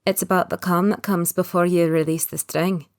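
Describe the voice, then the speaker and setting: A woman reading a guarded thirty-something man, soft-spoken. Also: lowish voice, little pitch movement, lightly acted. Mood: quiet, earnest. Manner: quiet, guarded, opens up slowly. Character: reserved thirty-one-year-old man, secret agent. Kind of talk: audiobook character voice.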